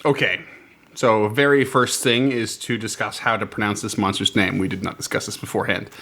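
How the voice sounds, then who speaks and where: Chatty Canadian podcast co-host, low voice. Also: male voice, fairly even intonation, fairly quick, pushed and bright. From East Coast Canada. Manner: upbeat and chatty, laughs often. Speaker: podcast co-host presenting lore. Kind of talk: casual podcast chat.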